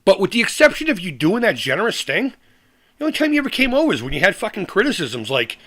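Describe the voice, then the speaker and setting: A man's voice: sits high, huge pitch swings, quick pace, sharp tone. A man on a live stream, angrily ranting with heavy swearing, repeating himself and restarting sentences. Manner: angry, profane, fired-up. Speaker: retro gaming YouTuber.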